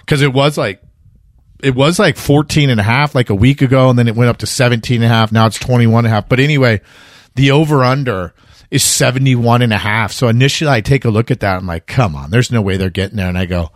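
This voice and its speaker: A man's voice: mid-range voice, fast, no room sound, clean studio sound. A middle-aged man co-hosting a sports betting podcast, chatting casually and animatedly, acting out quotes. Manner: animated, jokey, acts out quotes. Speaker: podcast co-host giving betting picks.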